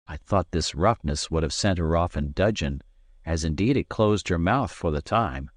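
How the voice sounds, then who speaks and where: A man narrating an adventure novel as an audiobook, in a measured, expressive storytelling manner. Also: deep voice, no echo, clean studio sound. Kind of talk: scripted narration.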